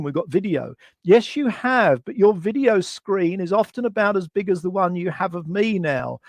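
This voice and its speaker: A man's voice: high voice, dry recording. A man presenting a management webinar from a computer mic, working through numbered points and asking rhetorical questions. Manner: structured, rhetorical questions to the audience.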